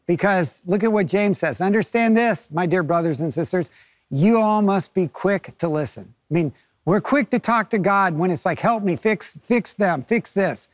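A man's voice: high voice, no room sound. A man pastor telling a story in a sermon, acting out the people in it and chuckling as he goes. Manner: lively storyteller who acts out quoted voices.

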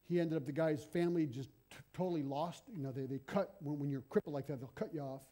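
Middle-aged man, sermon, storytelling preacher, conversational, high voice, dark mellow tone. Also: fast talker.

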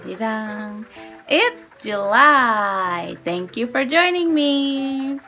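A woman teaching small children English, talking in a slow, sing-song, encouraging way. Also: sits high, very animated, a bit bright, soft background music. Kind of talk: kids' English lesson, sing-along and coloring.

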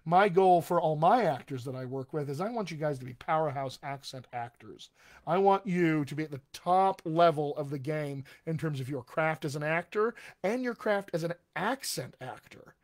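A man working as a dialect coach, giving a live-streamed talk in an upbeat, conversational way and speaking straight to his viewers. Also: a little high.

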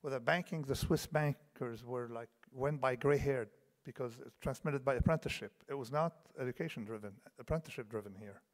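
A man's voice: medium pitch, brisk, hardly any pauses. A man in his fifties giving a conference lecture, digressive, full of restarts and asides that check in with the audience. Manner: digressive, restarts often, asks the audience "okay?". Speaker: keynote speaker. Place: large conference hall. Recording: long hall reverb.

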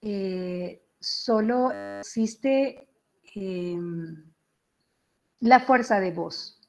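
Slow-paced woman English teacher. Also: mid-range voice, poor audio. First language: Spanish. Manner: slow, explanatory, checks in with "okay?". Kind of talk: online class instruction.

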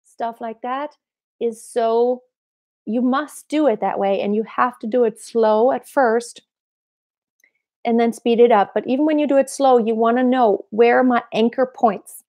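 A woman vocal coach answering viewer questions in a relaxed, explanatory way, breaking into short sung examples. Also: fairly high pitch, unhurried. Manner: explanatory, demonstrates with sung snippets.

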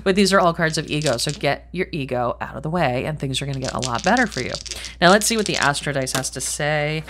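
A woman's voice: sits low, expressive, fast talker, fairly bright tone, slight background noise. A middle-aged woman giving a chatty tarot reading to camera, rambling and thinking aloud, swearing casually and speaking bluntly. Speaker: tarot reader.

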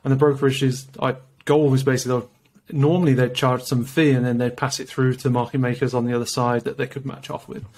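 A man with a British accent explaining trading in a measured, casual way, with many fillers. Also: medium pitch, little pitch movement, darkish tone. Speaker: podcast guest explaining trading.

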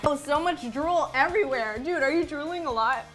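A woman's voice: high-pitched, moderate pace, over loud music. A young woman co-hosting a food challenge, casual and squeamish, laughing between lines. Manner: squeamish, giggly. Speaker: challenge video co-host. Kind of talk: casual chat. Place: studio.

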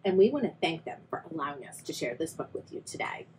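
A woman's voice: deep voice, sing-song, fast talker, a little hiss or hum, low-quality recording. A young adult woman, a children's librarian, reading a picture book aloud and asking the young listeners questions. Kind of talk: read-aloud storytime for kids.

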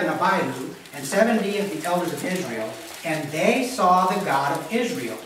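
High-pitched and a bit bright, this male pastor teaches conversationally while reading scripture, regularly checking in with the congregation with "Okay?" He is recorded from a distance in an echoey church sanctuary, with slight background noise.

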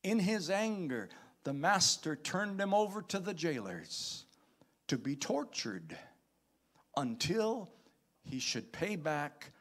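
A man's voice: high-pitched, big pitch swings, slow pace, fairly bright tone. A man preaching a sermon as pastor, reading scripture aloud with dramatic emphasis and calling out to the congregation. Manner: calls out to the congregation.

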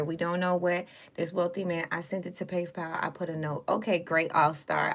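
A woman's voice: lowish voice, level tone, moderate pace, few pauses. A woman giving a casual livestream tarot reading, chatting with viewers in slang and swearing now and then. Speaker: live tarot card reader.

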